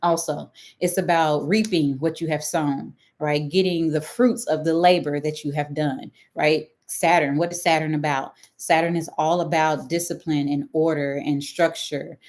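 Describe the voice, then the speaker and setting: A woman's voice: low-pitched, steady tone, moderate pace, few pauses, darkish tone. A middle-aged woman with a Texan accent, hosting a casual live-stream astrology talk and often checking in with her listeners. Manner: chatty, checks in with "right?" and "okay?".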